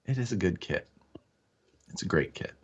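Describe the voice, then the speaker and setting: A man's voice: low voice, lively intonation, normal speed, dull audio, a crowd in the background. A man co-hosting a casual live stream, talking in an easygoing, rambling way with many fillers. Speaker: co-host of a hobby live stream.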